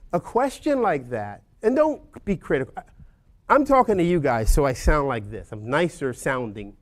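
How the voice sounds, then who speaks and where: A man with a fairly high voice gives an informal lecture to a class of agents. He rambles between points and keeps checking in with "right?", talking over a video call. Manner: conversational, rambling, says "right?" often. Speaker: real estate instructor.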